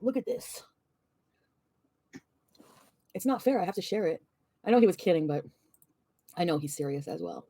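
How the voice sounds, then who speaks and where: A woman's voice: lowish voice, expressive, fast, mellow, dry recording. A woman vlogger venting and ranting, swearing often and rambling. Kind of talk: ranting vlog.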